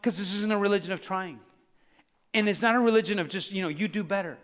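A man preaching a sermon as pastor, building to shouts and calling on the congregation to answer back. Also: high-pitched, fast. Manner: preaching with rising shouts and call-and-response. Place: church sanctuary. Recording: long reverb of a church hall.

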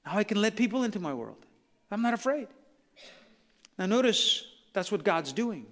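Male pastor, high bright voice, chatty sermon delivery peppered with questions, long hall reverb. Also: sing-song, normal speed. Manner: conversational preaching, many rhetorical questions. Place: church sanctuary.

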